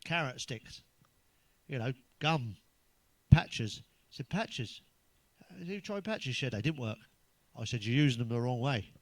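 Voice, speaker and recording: An English man doing a stand-up routine of crude, blunt one-liners, full of swearing, who pitches up when he quotes other people. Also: a little slow, no room sound. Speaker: stand-up comedian.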